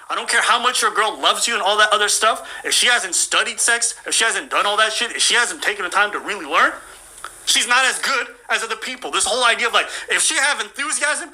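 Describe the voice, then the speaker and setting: A man's voice: sits high, sharp tone, rough recording. A man delivering a profane, mocking comedic rant as a commentator.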